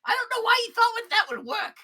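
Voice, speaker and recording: A woman's voice: very high-pitched, very animated, a little fast, a little hiss or hum, voice pushed up, exaggerated voice. A woman doing Gleb, a gleeful kobold barkeep. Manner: loud, boastful, cackling. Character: cheerful male kobold barkeep, cocky and gleeful.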